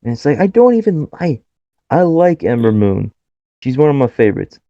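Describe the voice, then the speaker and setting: A man's voice: mid-range voice, big pitch swings, moderate pace, dark tone, no room sound, lo-fi sound. A man co-hosting a podcast in casual chat, blunt and swearing freely, laughing often. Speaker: podcast co-host.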